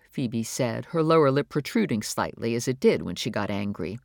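An audiobook narrator reading a novel in a measured, even storytelling voice on a close studio mic. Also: mid-range voice, gravelly, dry recording. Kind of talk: scripted narration.

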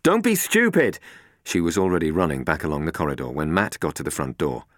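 Deep-voiced man reading a story. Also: fast talker, no room sound, studio quality. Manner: tense, suspenseful reading. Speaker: narrator. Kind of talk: storybook narration.

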